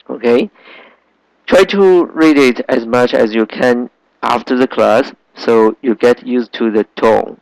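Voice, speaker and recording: Slow, patient male teacher. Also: medium pitch, creaky, a little mellow, dry recording, poor audio. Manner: patient, repeats sounds slowly for learners. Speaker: Chinese language teacher. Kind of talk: slow classroom lesson.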